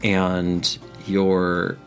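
Deep-voiced man narrating as game master. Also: monotone, drawn-out words, faint music behind.

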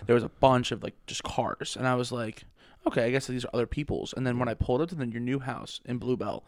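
A man's voice: medium pitch, fast, dry recording, studio quality. A man co-hosting a podcast in casual chat, rambling and laughing often. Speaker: podcast co-host.

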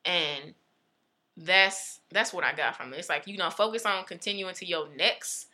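A young adult woman talking in casual chat, telling a personal story with emphatic, animated delivery. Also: on the low side, moderate pace.

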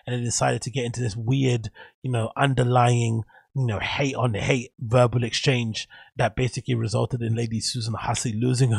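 A man rambles through opinionated takes on his solo podcast, swearing casually. His voice is gravelly and husky, sitting in a middle range. The room around him is dry. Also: medium pitch, darkish tone, no room sound. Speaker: podcast host.

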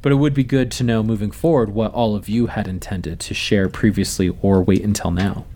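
A man running a tabletop role-playing podcast as game master, narrating in a relaxed, rambling way with many fillers. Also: lowish voice, fairly quick, slight background noise.

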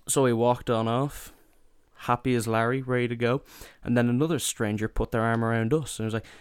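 A man's voice: mid-range voice, fairly even intonation, fairly quick, smooth, no room sound. A young Irish man in his twenties telling a rambling comic story in casual chat, full of asides and "you know".

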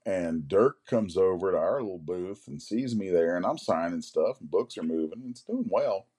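A man in his forties, a comic artist, telling rambling anecdotes in a casual interview, often clearing his throat. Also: deep voice, animated, normal speed, a little mellow. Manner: rambling anecdotes, acts out others' lines.

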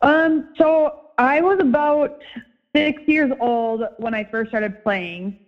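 A woman in her twenties with a Minnesota accent, a guest chatting casually in an interview, friendly and halting with frequent ums. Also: high voice, lo-fi sound. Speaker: guest, former college hockey player and coach.

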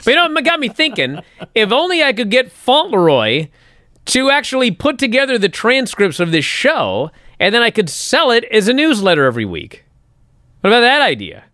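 A man's voice: very high voice, big pitch swings, normal speed, sharp tone, no echo. A man co-hosting a casual wrestling talk show, bantering sarcastically. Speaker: podcast co-host.

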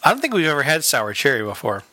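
A man's voice: fairly high pitch, wildly swooping pitch, quick pace, sharp tone. A man co-hosting a podcast in casual chat, jokey and laughing a lot, slipping into silly accents. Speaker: podcast co-host.

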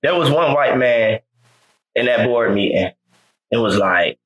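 A man's voice: medium pitch, expressive, unhurried, pauses often, a bit bright, poor audio. A man in casual podcast conversation, talking emphatically and repeating key phrases for effect.

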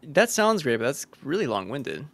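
A man's voice: mid-range voice, sing-song, moderate pace, dry recording. A man co-hosting a podcast, reading a quiz aloud in a joking, laid-back way. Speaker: podcast co-host.

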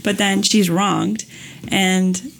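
A woman's voice: mid-range voice, extremely slow, creaky, slight background noise. A woman chatting casually as a podcast guest, telling a long story with lots of "like" and "um". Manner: animated storytelling with many fillers. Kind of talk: casual chat.

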